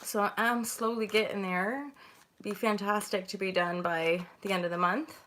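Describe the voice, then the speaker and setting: A woman hosting a casual intuitive tarot reading, chatty and rambling, with sudden bright greetings. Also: medium pitch, steady tone, moderate pace, slight background noise. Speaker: host and tarot reader.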